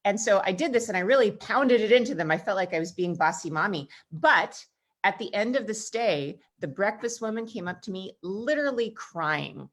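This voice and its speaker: An American woman hosting a casual video-call chat, a tour guide telling travel stories in a brisk, emphatic way. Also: mid-range voice, expressive.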